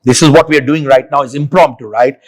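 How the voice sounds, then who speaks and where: A man's voice: mid-range voice, fairly even intonation, fast talker. A man hosting an interview in a chatty, conversational way, asking open questions. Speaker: interview host.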